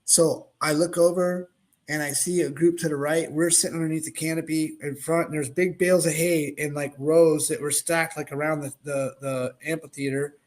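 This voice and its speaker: A middle-aged man spins a long casual story, his voice sitting a little higher than most men's. He talks in an animated way and slips into the voices of the people he describes. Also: normal speed. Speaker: host, product owner.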